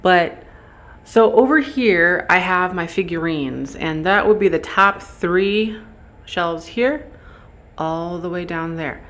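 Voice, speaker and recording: A man's voice: sits high, expressive, takes it slowly. Rambling man touring his shop. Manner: rambling, thinks out loud, chuckles. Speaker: shop owner and vlogger. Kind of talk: casual vlog walkthrough. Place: indoor vintage shop room. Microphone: handheld camera, then phone.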